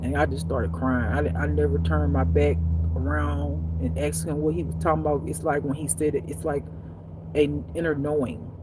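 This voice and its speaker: A woman telling a personal story as a spiritual life teacher, in a blunt, profane, animated way that swings between loud and hushed. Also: deep voice, normal speed, very noisy. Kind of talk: casual storytelling monologue.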